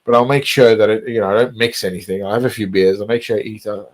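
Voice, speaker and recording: A man's voice: lowish voice, fairly even intonation, fast, poor audio. A man chatting casually, rambling and repeating himself, swearing often. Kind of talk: casual chat.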